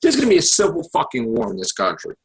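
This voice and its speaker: Profane, animated husky man ranting. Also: on the high side, fast. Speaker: podcast host. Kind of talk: heated casual political rant.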